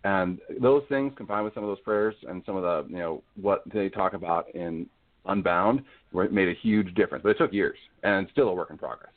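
A man's voice: low voice, fairly quick. A man as an interview guest, talking about faith in an earnest, reflective way. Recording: tinny phone-like line.

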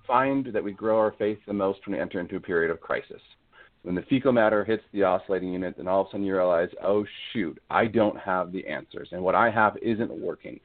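A man as an interview guest, talking about faith in an earnest, reflective way. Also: fairly low pitch. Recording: tinny phone-like line.

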